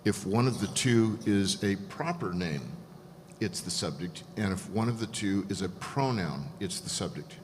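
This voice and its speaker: A man calmly explaining Greek grammar point by point as a guest scholar. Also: on the low side, a little hiss or hum. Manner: measured, methodical explanation. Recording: echoey hall, faint ambience.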